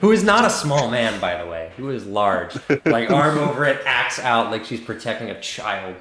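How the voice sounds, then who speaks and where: A man's voice: medium pitch, very animated, normal speed, a bit bright. A man running a tabletop game as game master, narrating casually with fillers and asides. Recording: echoey room with faint noise.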